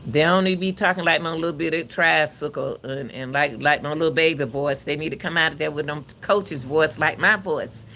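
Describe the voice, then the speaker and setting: A man hosting his own channel, giving casual spoken commentary in a loud, projected coach's voice, emphatic and preachy, often repeating himself. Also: fairly high pitch, steady tone, fairly quick, vocal fry, few pauses, slight background noise. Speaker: channel host commenting on a court case.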